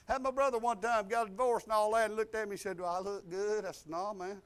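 An older man preaching a sermon, folksy and exuberant, breaking into loud outbursts. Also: high-pitched, fast, hardly any pauses, clean tone. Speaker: pastor.

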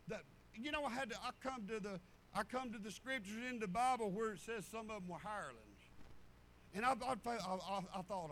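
A man's voice: very high-pitched, lively intonation, normal speed, sharp tone, slight background noise. A man, a pastor preaching a folksy sermon full of storytelling asides. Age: 50s.

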